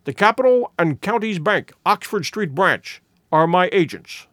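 A cold, exacting male detective, as a man reads him aloud in a storybook. He speaks in a measured, inexorable way with a fairly high, lively voice. The sound is close and dry. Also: no echo. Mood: cool, measured.

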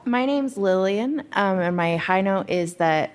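A mother speaking from a live audience, slow and soft-spoken. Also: medium pitch, animated, smooth.

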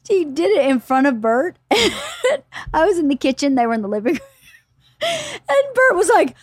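A woman hosting a podcast, telling a story in a casual, animated way and laughing often. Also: sits high, a little slow, no room sound, clean studio sound. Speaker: podcast host.

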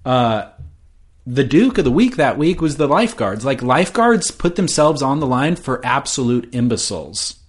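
A man, co-hosting a casual podcast. He tells things with lively emphasis and ribs his partner with dry, teasing remarks, in a mid-pitched voice. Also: normal speed, breathy edge. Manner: animated, teasing banter with emphatic stresses. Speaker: podcast co-host. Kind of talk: casual surf chat.

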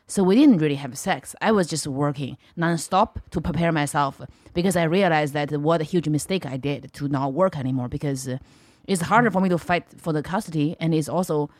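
A middle-aged woman with a Chinese accent appears as a comedian guest on a podcast, speaking bluntly in broken English during the casual chat. Her voice is low and somewhat dark, a little fast, with no echo.

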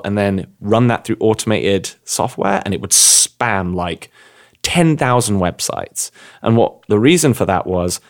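Brief: young English man, low voice, casual podcast co-host, rambling storyteller. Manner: rambling, animated storytelling with quick asides.

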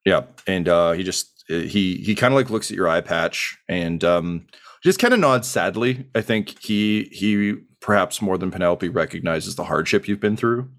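A man's voice: deep voice, lively intonation, moderate pace, fairly bright tone. A man running a tabletop game as game master, narrating casually with lots of fillers.

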